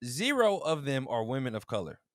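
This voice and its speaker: Guy cohosting a podcast, lively voice jumping all over, dry close mic, chatty and animated. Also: medium pitch, a little fast, no room sound. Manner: animated storytelling, acts out quotes, laughs often. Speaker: podcast co-host. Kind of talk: casual chat.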